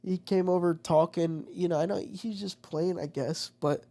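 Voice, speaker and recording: A man's voice: sits high, fairly even intonation, normal speed, dark tone. A man chatting casually and telling a profane, rambling story with lots of swearing. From United States. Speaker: vlogger. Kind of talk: casual chat.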